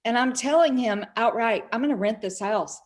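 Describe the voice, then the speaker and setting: Animated middle-aged woman telling stories. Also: fairly high pitch, normal speed. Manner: animated, acts out quoted dialogue. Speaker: spiritual speaker and author. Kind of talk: storytelling in an online summit interview.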